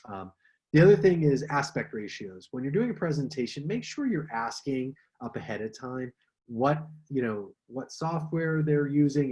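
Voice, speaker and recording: A man giving a workshop talk on pitching, in an energetic, conversational way, with many fillers and rhetorical questions. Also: moderate pace, poor audio. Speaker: pitch coach. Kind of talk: workshop presentation.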